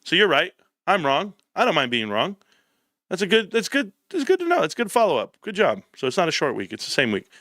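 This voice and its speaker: A young man from California hosting a casual live stream from home, chatting with viewers and telling stories in an animated way. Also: high voice, a little fast, no room sound, studio quality. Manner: animated storytelling, reads chat aloud. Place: home, standing at a desk.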